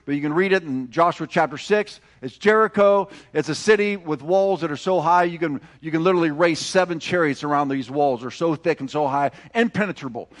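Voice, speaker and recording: High-voiced man preaching emphatically. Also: fairly quick, few pauses. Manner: emphatic, calls for congregation responses. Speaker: pastor. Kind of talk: sermon.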